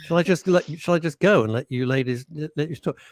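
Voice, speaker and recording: A man's voice: on the high side, fast talker, dry recording. A man hosting a radio chat show, joking and teasing his co-host and guest.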